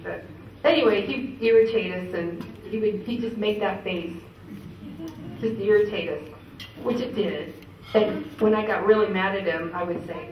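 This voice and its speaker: A woman's voice: mid-range voice, moderate pace, dull audio. Woman telling stories at a memorial, laughs a lot, sounds far off in a big echoey room. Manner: chatty, laughing, many fillers. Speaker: memorial speaker. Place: event hall. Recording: echoey hall, distant mic, ambient noise.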